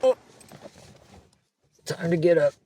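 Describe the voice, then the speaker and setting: A woman's voice: on the low side, little pitch movement, slow, dark tone, slightly rough. A woman vlogging outdoors on a street, talking to herself and to cats and swearing often. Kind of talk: rambling outdoor vlog. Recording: noisy outdoor recording.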